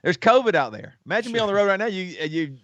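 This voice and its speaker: A man co-hosting a livestream, an animated storyteller who stammers and restarts quickly. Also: high voice, dry recording, lo-fi sound. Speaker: musician and co-host. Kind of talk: casual livestream chat.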